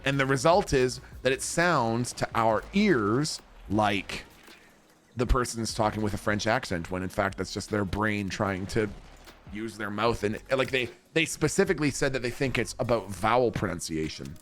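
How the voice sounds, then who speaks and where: A man's voice: on the low side, moderate pace, fairly bright tone, a little hiss or hum. A man, rambling and chatting casually with viewers during a game stream, swearing now and then. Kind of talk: casual chat with viewers while gaming.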